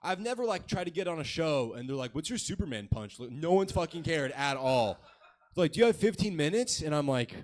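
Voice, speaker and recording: Rambling self-mocking young comedian. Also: male voice, on the high side, sing-song, fairly quick. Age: 20s. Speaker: stand-up comedian. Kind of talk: stand-up comedy set. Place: comedy club stage with live audience.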